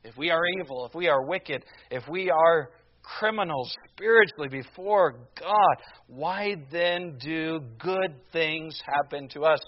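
Male preacher, emphatic and unhurried, stacking rhetorical questions; dull lo-fi recording. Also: on the high side. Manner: emphatic, rhetorical questions, slows down on key phrases. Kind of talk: sermon.

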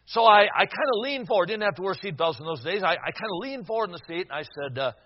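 A man in his sixties preaching a sermon, telling a personal story with dramatic swings from loud to hushed and some stammering restarts. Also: sits high, expressive, fast talker, dull audio, a little hiss or hum.

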